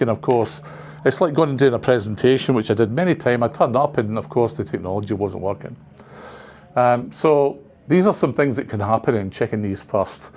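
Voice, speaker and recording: There's slight background noise as an older man with a mid-range, darkish voice addresses a class of trainers. His presentation is casual and meandering, sprinkled with chatty asides.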